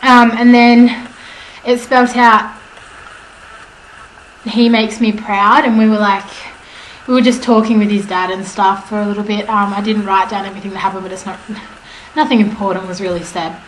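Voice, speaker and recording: A woman's voice: medium pitch, level tone, normal speed, pauses often. A young woman vlogging at home, telling a story to camera in a chatty, rambling way with lots of fillers and self-corrections. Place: at home indoors. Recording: echoey room with faint background noise.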